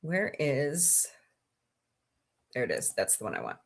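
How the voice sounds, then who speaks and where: A woman's voice: extremely low pitch, huge pitch swings, a little slow, vocal fry. A woman hosting a casual livestream, chatting in a rambling way, sniffly, and greeting viewers by name. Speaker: livestream host.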